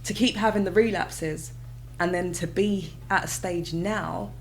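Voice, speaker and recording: A woman in her thirties, an interview guest telling her own story in a candid, conversational way, breaking into high excited exclamations as she recalls moments. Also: unhurried, rough recording. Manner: animated, bursts into high excited exclamations and laughter when retelling moments.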